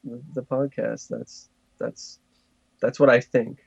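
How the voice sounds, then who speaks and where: A man's voice: mid-range voice, level tone, takes it slowly, gravelly, darkish tone, husky, dry recording. A male podcast co-host rambles along in casual chat, hedging and restarting his sentences. The recording is dry, with no room sound, and a little dull and lo-fi.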